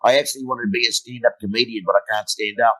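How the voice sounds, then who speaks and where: A man's voice: mid-range voice, steady tone, fast talker, fairly bright tone, low-quality recording. A middle-aged man, a motivational speaker, telling blunt, humorous stories in an interview and swearing freely. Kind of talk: storytelling interview.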